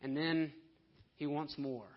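Passionate man preaching, voice a bit high; muffled lo-fi sermon recording. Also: steady tone, slow. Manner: impassioned, swinging between soft hushed lines and loud emphatic ones. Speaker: pastor. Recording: dull lo-fi sermon audio.

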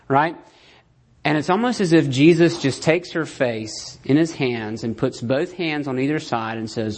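Man, preacher, conversational sermon, keeps asking "right?", acts out quotes, mid-pitched voice. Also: a little slow, darkish tone.

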